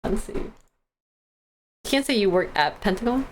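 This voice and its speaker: A woman's voice: medium pitch, lively intonation, normal speed, a little hiss or hum. A young woman hosting a live stream, chatting casually and giggling as she reads stock news and answers the chat.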